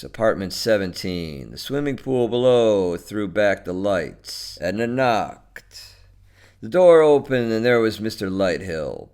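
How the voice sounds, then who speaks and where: A man narrating a short story in a slow and expressive manner. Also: low voice.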